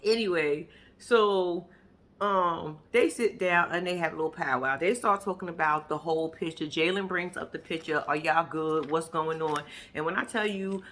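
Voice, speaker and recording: Her voice is on the low side and a bit bright, at a normal pace, with a little hiss or hum in the recording. She's reacting to a reality show episode in casual chat, recapping it bluntly, cursing heavily, and telling the story with emphasis straight to her viewers.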